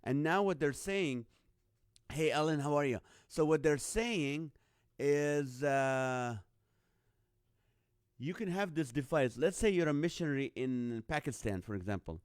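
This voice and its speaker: A man's voice: fairly high pitch, animated, a little slow, clear, resonant tone, no room sound, clean studio sound. A middle-aged man hosting a live online show in casual, rambling chat, greeting viewers by name.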